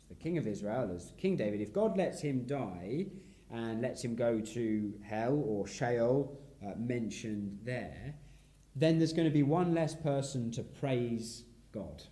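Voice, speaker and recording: A man preaching an expository sermon in a reflective way, his voice sinking softly at the ends of phrases. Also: medium pitch, animated, slow. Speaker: pastor.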